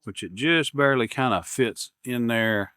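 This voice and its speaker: A man's voice: mid-range voice, normal speed, sharp tone, clean tone, dry recording, studio quality. A man, rambling casually as he unboxes gear at his workshop bench. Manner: rambling, repeats words, self-deprecating humor. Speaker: YouTube maker unboxing camera gear.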